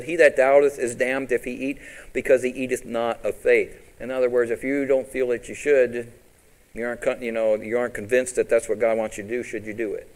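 A pastor preaching with lively emphasis. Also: male voice, low-quality recording. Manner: preaching to a congregation, asking questions and quoting scripture; rises and drops in pitch and loudness for emphasis. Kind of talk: sermon.

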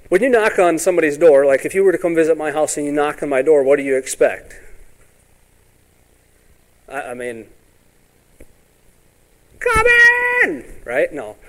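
A man preaching a sermon in a folksy way, often asking "all right?" and acting out Bible scenes in quick voices. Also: a little high. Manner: ends points with "all right?".

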